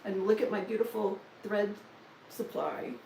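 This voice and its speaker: A woman's voice: mid-range voice, little pitch movement, unhurried, gravelly, a little mellow, reverberant, recorded from a distance, a little hiss or hum, poor audio. A woman, chatting casually on a live stream about her stitching projects, with joking asides and self-deprecating humor. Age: 60s. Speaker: stitching vlogger.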